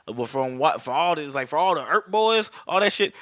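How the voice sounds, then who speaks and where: Man, podcast co-host, casual movie recap, profane, acts out scenes, bright tone. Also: on the high side, animated, dry recording. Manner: profane, acts out film scenes in quick voices.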